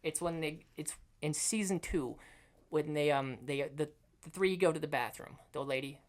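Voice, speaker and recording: Low-voiced woman in casual podcast chat. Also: moderate pace. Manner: animated, acts out scenes she retells. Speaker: podcast co-host.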